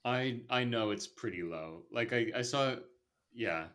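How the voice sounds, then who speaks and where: A man's voice: medium pitch, a little slow, fairly bright tone. A man hosting a podcast, talking loosely with lots of fillers and giving blunt movie opinions. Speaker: podcast host. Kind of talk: casual movie review chat.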